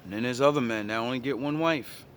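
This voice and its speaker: A man's voice: medium pitch, quick pace, a little hiss or hum. Profane, slangy man telling a story. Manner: blunt and profane, with loose slang. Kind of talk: casual storytelling monologue.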